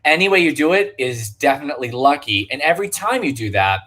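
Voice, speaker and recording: A man's voice: mid-range voice, big pitch swings, fast, a bit bright. A man co-hosting a livestream bingo show, upbeat as he asks for tips and thanks supporters. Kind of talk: casual livestream chat.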